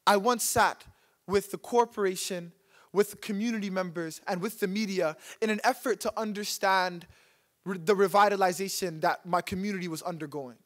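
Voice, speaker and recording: Impassioned young man with a high voice. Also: fairly bright tone. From Canada. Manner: rhythmic and impassioned, repeating phrases for emphasis. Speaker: speaker at a public talk. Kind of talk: spoken-word poetry and personal storytelling talk. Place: stage before a live audience.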